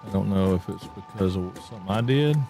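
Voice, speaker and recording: A man's voice: low voice, fast talker, gravelly, warm tone, soft background music. A man giving chatty, folksy commentary as he streams a game live and talks with his chat.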